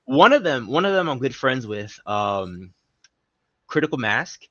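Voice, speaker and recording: A man's voice: mid-range voice, very animated, a little slow, a bit bright, no echo. Laid-back young man, dull sound. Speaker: podcast guest, cosplayer. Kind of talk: casual chat.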